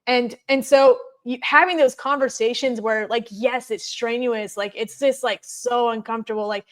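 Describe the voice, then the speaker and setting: Chatty woman telling stories, kinda high voice, says like a lot. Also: steady tone, moderate pace. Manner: chatty, many fillers of "like". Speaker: guest. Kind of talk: casual conversational storytelling.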